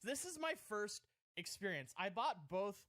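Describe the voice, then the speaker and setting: A man's voice: high voice, very animated, unhurried, fairly bright tone, no room sound. A man on a podcast telling a self-mocking comic story, rambling and breaking into laughter. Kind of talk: casual comedic storytelling.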